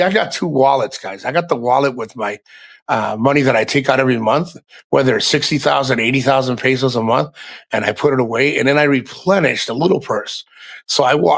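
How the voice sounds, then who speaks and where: Male livestream host, casual chat, blunt and profane, mid-pitched, loose rambling delivery. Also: gravelly, fairly bright tone. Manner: frank, heavy swearing, rambling asides to the chat.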